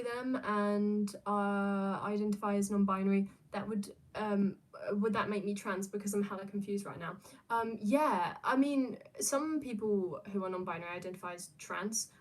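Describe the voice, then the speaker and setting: A woman's voice: medium pitch, fairly even intonation, moderate pace. Young woman chatting on a livestream. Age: young adult. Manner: rambling, many fillers and restarts, laughs often. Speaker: streamer answering viewer questions. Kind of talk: casual livestream chat.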